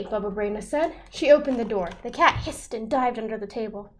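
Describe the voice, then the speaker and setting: Animated woman reading aloud. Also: on the high side, moderate pace, hardly any pauses. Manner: expressive, animated storytelling. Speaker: children's librarian. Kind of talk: picture book read-aloud. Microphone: video call.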